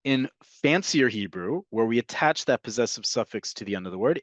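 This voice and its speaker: A man teaching an online language lesson, explaining slowly and repeating each example. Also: medium pitch, lively intonation, no echo, dull audio. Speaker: Hebrew teacher.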